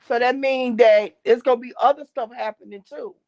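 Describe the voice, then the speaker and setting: A woman's voice: a little high, steady tone, moderate pace, a little mellow. Emphatic, preachy middle-aged woman. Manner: preachy, emphatic, repeats key phrases. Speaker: gospel singer and drummer, guest. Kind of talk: casual interview, faith testimony. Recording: dull dry lo-fi recording.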